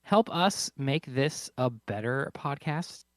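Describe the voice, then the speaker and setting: A man co-hosting a board game podcast in a casual, hesitant way, pausing often. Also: mid-range voice, no echo, studio quality. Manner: hesitant, many uh fillers, relaxed. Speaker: podcast co-host.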